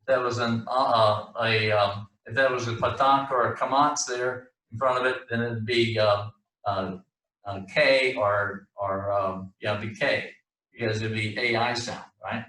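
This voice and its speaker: A man teaching a class, his speech halting and full of restarts with the odd joke. His voice is bright and forceful. He sounds set back from the mic in an echoey room. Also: lowish voice, steady tone, recorded from a distance. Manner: halting, many restarts and fillers, joking. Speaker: Hebrew teacher.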